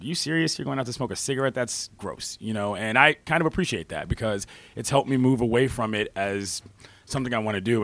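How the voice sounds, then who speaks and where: A man chatting as a guest on a live stage show, relaxed and rambling. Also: lowish voice, no room sound. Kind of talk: casual on-stage conversation. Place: bookstore stage before an audience.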